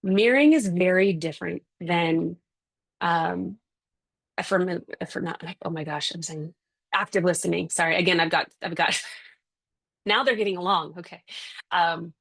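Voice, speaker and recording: A woman parenting coach talking from home on a video call, chatty and quick to act out everyday scenes. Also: lowish voice, vocal fry, fairly bright tone. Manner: chatty, acts out scenes with voices. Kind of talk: casual interview answer. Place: home with kids and a dog nearby.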